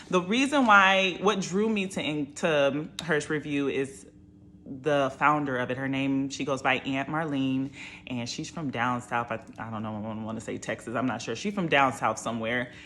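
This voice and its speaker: A woman's voice: low-pitched, a bit bright, a little hiss or hum. A woman and nurse talking casually and with emphasis about a study course, repeating her points. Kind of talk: casual review talk.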